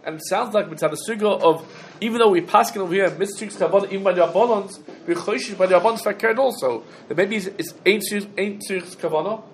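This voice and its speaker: A man's voice: high-pitched, fast, a little hiss or hum. A man teaching a halacha class, going through rulings step by step, quoting sources and asking questions. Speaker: Torah teacher.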